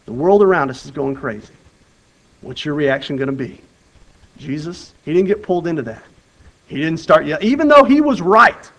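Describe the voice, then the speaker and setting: Delivering a sermon that includes Bible reading, this man speaks earnestly and conversationally in a slightly high male voice at a moderate, expressive pace. He often loops back to restart phrases, shifting from loud urgency to soft emphasis, all on a low-quality recording.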